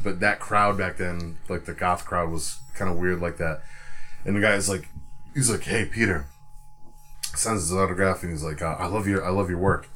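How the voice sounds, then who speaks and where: Profane, animated male podcast storyteller. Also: deep voice. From Providence area, US. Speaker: podcast co-host. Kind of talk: casual storytelling chat.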